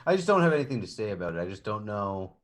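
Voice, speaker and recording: A man's voice: big pitch swings, very fast. A young man, a player in a tabletop game, joking casually with the group. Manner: joking, swings pitch widely.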